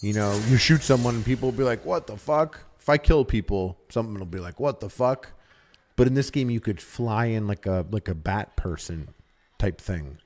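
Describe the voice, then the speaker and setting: A man's voice: lowish voice, expressive, brisk, darkish tone. A man livestreaming a game with casual, profane, joking commentary, often mimicking the characters.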